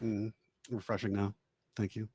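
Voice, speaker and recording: A man running a tabletop game, with a lowish voice recorded dry and close. He narrates in a relaxed, rambling way, leaning on fillers as he goes. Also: moderate pace, breathy edge, dry recording. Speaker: game master.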